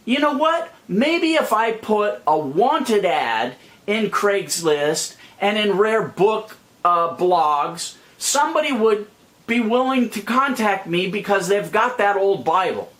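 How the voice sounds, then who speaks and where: A middle-aged man with a fairly high-pitched voice delivers an angry, profane rant straight to his viewers. He is blunt and calls himself a plain speaker. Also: animated, unhurried, fairly bright tone. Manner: angry, blunt and profane, calling people idiots. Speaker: YouTube money-making vlogger. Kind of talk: ranting monologue to viewers.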